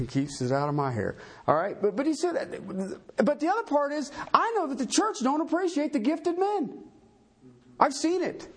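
A man's voice: very high-pitched, very animated, normal speed. A man preaching a sermon as pastor, folksy and self-deprecating, full of rhetorical questions.

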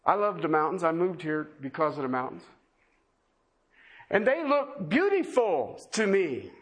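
High-voiced man preaching with passion. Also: big pitch swings, unhurried. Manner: impassioned, emphatic preaching with repeated questions. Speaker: pastor. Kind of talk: sermon. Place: church service before a congregation.

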